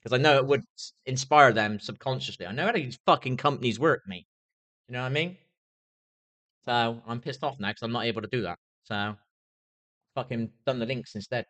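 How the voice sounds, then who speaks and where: Man, young, streamer, angry rant, heavy swearing, mid pitch. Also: fairly quick, a bit bright. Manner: swearing, repeats "do you know what I mean".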